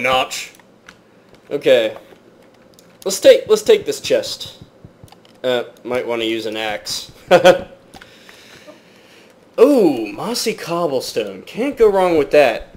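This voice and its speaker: Fairly high-pitched and very animated, yet slow with long pauses, the man hosts a gaming channel. His let's play commentary uses a jokey mock British accent, addresses viewers as "guys," and breaks into startled yelps and exclamations whenever the game throws a sudden threat at him.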